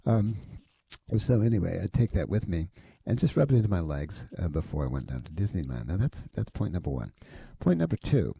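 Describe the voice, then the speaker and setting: A man's voice: low voice, sing-song, brisk, gravelly, warm tone, breathy edge. A man over forty hosting a call-in health show, giving folksy, rambling advice with careful hedges. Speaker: radio health show host.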